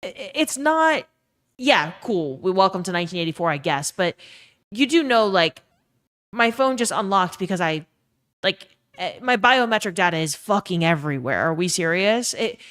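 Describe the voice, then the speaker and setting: A woman's voice: lowish voice, expressive, moderate pace, a bit bright. A young woman with a Southern US accent chatting casually on a live stream, swearing freely and reading out chat messages. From Louisiana.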